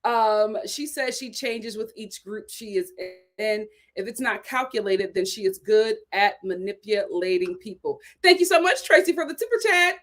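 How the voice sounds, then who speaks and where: Woman, light Philadelphia accent, young adult, live-stream host, animated casual chat, higher-pitched voice. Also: moderate pace. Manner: talkative, animated, many "right?" asides. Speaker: host reviewing a reality show.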